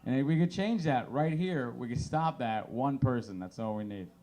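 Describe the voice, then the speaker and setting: A man in his thirties doing a stand-up comedy set of deadpan one-liners on a small bar stage, through a handheld mic. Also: medium pitch, moderate pace.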